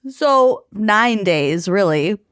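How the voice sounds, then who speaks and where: A woman's voice: medium pitch, animated, extremely slow, a bit bright, no echo, clean studio sound. A woman co-hosting a podcast in casual, joking chat. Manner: chatty, joking, laughs easily. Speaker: podcast co-host.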